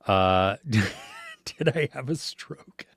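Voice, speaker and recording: Very slow and husky, with a fairly low pitch, this American podcast host chats relaxedly about films and reads viewer comments aloud. He rambles, fills pauses with fillers and lets out little laughs. The studio-quality audio has no echo.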